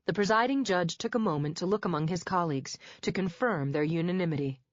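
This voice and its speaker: A woman reading a thriller in first person, measured and tense, recorded dull and dry. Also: fairly low pitch, no echo. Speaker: audiobook narrator. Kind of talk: first-person scripted narration.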